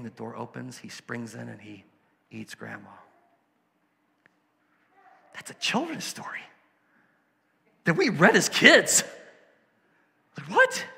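Gravelly-voiced man preaching a sermon. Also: mid-range voice, sharp tone, big-room sound. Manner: conversational, storytelling, emphatic asides. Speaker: pastor.

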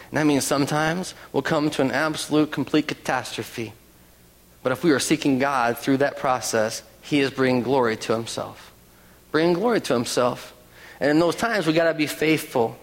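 A man preaching a sermon as pastor, animated, with rhetorical questions and quoted voices. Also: a little high. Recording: long reverb of a large hall.

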